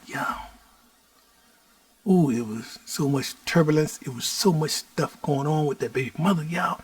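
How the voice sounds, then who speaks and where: A middle-aged man from Houston, Texas, telling his own story as host in a slow preaching cadence that keeps addressing the listeners as "y'all". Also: mid-range voice, husky, dry recording. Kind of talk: personal storytelling monologue.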